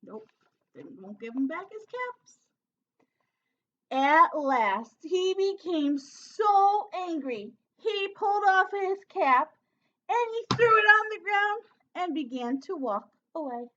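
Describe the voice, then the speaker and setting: A woman teacher reading a picture book aloud to children, pausing to ask them questions and prompt them to act along. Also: extremely high pitch, big pitch swings, a bit bright, muffled recording. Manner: interactive, asks children questions. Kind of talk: storybook read-aloud for children.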